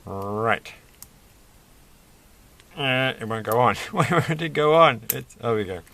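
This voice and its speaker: A man's voice: medium pitch, lively intonation, slow, gravelly, pushed and bright. A man hosting a casual toy-building video, rambling and chatty with self-deprecating asides. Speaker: host.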